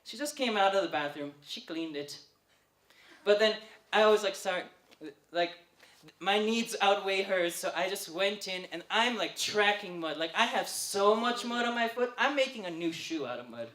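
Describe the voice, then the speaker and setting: A young man doing stand-up comedy at an open mic, telling a chatty, animated story and often laughing through his lines. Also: high voice, moderate pace, reverberant. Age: young adult. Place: open mic night venue.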